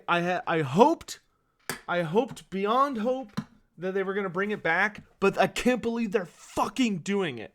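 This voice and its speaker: High-voiced, excitable male streamer. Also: a little slow. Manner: excitable, swearing, bursts of shouting and laughter. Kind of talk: live-stream chat. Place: home desk.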